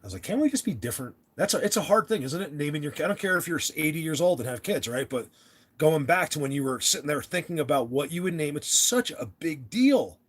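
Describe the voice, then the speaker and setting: A man's voice: on the high side, lively intonation, fast talker, fairly bright tone. A young American man hosting a casual livestream chat, rambling and restarting his sentences as he talks to viewers. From United States. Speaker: livestream host.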